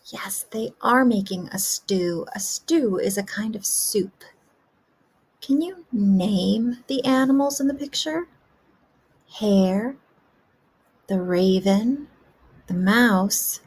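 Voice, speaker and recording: A kindergarten teacher, a woman, talks young children through a story with gentle, encouraging questions. Her voice is slightly husky, and she speaks slowly and patiently. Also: medium pitch. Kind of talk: remote lesson for young children.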